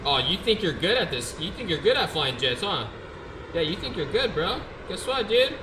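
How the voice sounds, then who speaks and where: A young man streaming a game live, excitable and trash-talking, shouting when he gets frustrated, on a gaming headset. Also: on the high side, moderate pace, echoey room, background noise.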